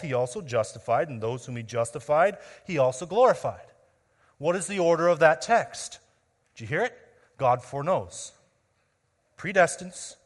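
A man preaching a sermon, emphatic and full of rhetorical questions, swinging between loud declarations and quiet, drawn-out words. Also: fairly high pitch. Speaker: pastor. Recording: long reverb of a large hall.

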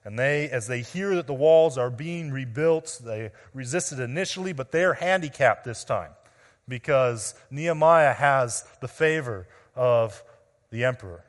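A man preaching an expository sermon as pastor, earnest, addressing the men and women before him, often dropping quietly at the ends of phrases. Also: mid-range voice, animated, measured pace. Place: church sanctuary. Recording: long reverb of a large room.

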